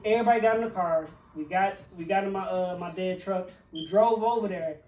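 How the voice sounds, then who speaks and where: High-voiced man telling a rambling story. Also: fairly quick, darkish tone. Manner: rambling with many fillers, profane. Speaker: podcast co-host and chef. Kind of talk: casual storytelling chat. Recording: roomy, distant mic with faint music.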